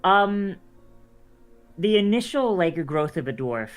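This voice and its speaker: A man's voice: high voice, very animated, slow, clear, resonant tone, soft background music. A man narrating as dungeon master, talking loosely with many fillers and restarts. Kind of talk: narrating a tabletop game.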